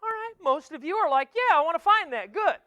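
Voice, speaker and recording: Animated, playful man with a bright high voice. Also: brisk, no room sound. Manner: animated, jokey, audience-teasing, swings from loud to hushed. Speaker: keynote speaker. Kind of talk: energetic motivational keynote talk. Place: conference hall with a student audience.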